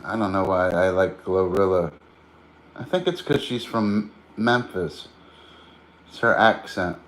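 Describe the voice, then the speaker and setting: Low-voiced man in slangy rambling chat. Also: unhurried. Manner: slangy, swears freely, drifts between topics. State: tired. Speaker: livestream host.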